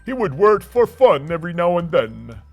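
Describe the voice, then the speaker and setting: Brief: man as a doting puppet dad, high, gravelly and animated, light music under. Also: moderate pace. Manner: warm, storytelling. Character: doting puppet dad, talks fondly of his old village. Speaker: puppeteer and narrator. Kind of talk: kids' puppet show.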